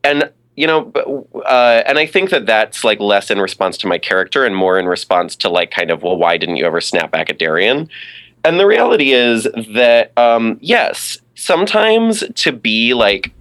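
A man's voice: medium pitch, moderate pace, hardly any pauses, clear, resonant tone. A young man talking casually as a podcast guest, full of fillers and restarts. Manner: lively, many fillers and restarts. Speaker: podcast guest, drag performer. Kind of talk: casual interview chat.

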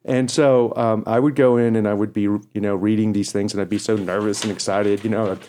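Middle-aged East Texas man, radio co-host; animated, filler-heavy anecdote teller. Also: fairly low pitch, a little fast, noisy background. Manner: animated, laughing storyteller with many fillers. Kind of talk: casual storytelling interview.

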